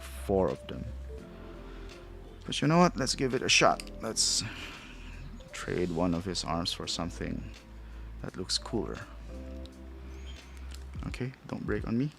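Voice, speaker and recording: A man's voice: sits low, sing-song, unhurried, creaky, pauses often, fairly bright tone, faint music behind. A man who is not a native English speaker, casually rambling and thinking aloud as he reviews a toy, chuckling at himself. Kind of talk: casual unboxing commentary.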